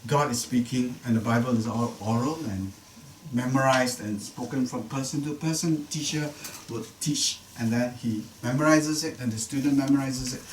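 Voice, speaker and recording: A man's voice: mid-range voice, moderate pace. A man teaching an unscripted Bible study class, explaining a passage with repeated phrases for emphasis and the odd joke. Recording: roomy live class recording from a distance, faint noise.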